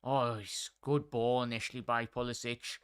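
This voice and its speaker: A man's voice: mid-range voice, level tone, normal speed, fairly bright tone, smooth. A man hosting a live football watchalong, chatting with viewers as he calls the play. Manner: chatty, addresses chat and viewers by name. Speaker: watchalong host.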